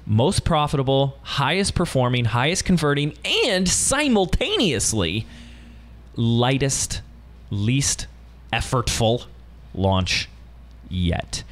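A man's voice: mid-range voice, sing-song, slow pace. A man hosting a business podcast from a studio, talking in an enthusiastic, emphatic and playful way. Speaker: podcast host. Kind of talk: upbeat podcast interview.

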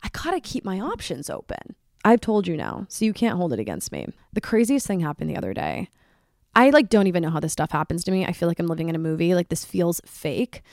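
A woman's voice: lowish voice, quick pace, dry recording, studio quality. Chatty young woman telling a story. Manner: chatty, fills speech with "like"; excitable, voice jumps up when worked up. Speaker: podcast host. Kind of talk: solo storytelling podcast.

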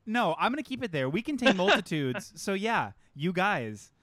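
A man's voice: high-pitched, sing-song, normal speed, a bit bright, no room sound. A man co-hosting a podcast in casual chat, chatty and self-mocking, laughing often. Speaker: podcast co-host.

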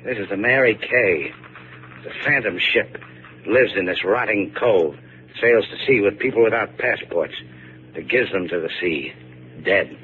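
A man's voice: lowish voice, expressive, a little slow. A man playing a tough, sardonic boat owner with a dry, defiant delivery, in 1950s radio drama. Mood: grim. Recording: scratchy old radio broadcast, narrow band.

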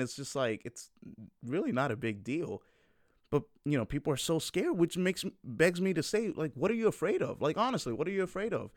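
A man's voice: medium pitch, no echo, studio quality. A man in his twenties talking casually to his viewers, rambling and frank, full of fillers and restarts. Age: 20s.

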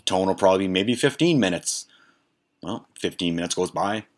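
A man's voice: deep voice, lively intonation, moderate pace. A middle-aged man, a podcast host, telling a profane, rambling anecdote in casual storytelling style.

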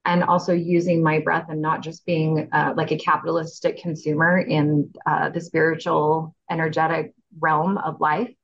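A woman's voice: low voice, flat delivery, moderate pace, few pauses. A woman guest on a podcast, speaking casually and animatedly, laughing often, with many fillers. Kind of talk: casual heartfelt chat. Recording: slightly dull lo-fi audio.

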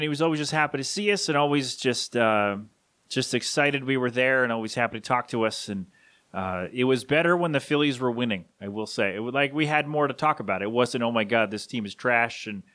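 A man, in his thirties, hosting a solo podcast and speaking haltingly with grief, his voice catching as he rambles through a tribute. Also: medium pitch, fairly bright tone, no room sound. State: grieving, voice catching. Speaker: podcast host.

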